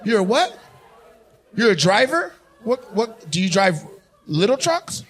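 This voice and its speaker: A male comedian works the crowd from the stage, roasting audience members in loud, mocking banter. His voice sits high and swings widely, with a bright, sharp edge. He takes his time between jabs. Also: sing-song, a little slow, slight background noise. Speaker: stand-up comedian. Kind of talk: live crowd work. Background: audience laughter.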